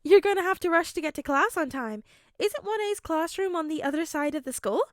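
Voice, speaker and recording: A woman's voice: very high-pitched, animated, fairly quick, dry recording, studio quality, voice pushed up. A woman voicing a bubbly, eager teenage girl student.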